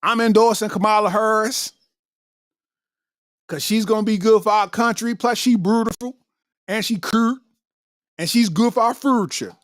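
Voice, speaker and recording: A man's voice: sits high, normal speed, pauses often, dry recording, studio quality, lightly acted. A man imitating a gushing Memphis woman rapper.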